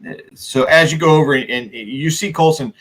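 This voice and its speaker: A man narrating as game master of a tabletop game, halting often and restarting his sentences. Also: fairly high pitch, fairly bright tone, low-quality recording.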